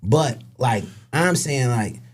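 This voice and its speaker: A middle-aged man in casual podcast chat, animated and joking, swearing freely as he tells stories. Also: mid-range voice, takes it slowly, husky. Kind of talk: casual conversation.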